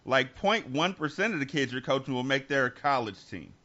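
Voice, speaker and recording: A man's voice: medium pitch, animated, moderate pace, bright, forceful tone, highs cut off. A man co-hosting a podcast, talking candidly and reflectively, often restarting his sentences. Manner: earnest, reflective, with many restarts. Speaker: podcast co-host. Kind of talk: candid conversational talk.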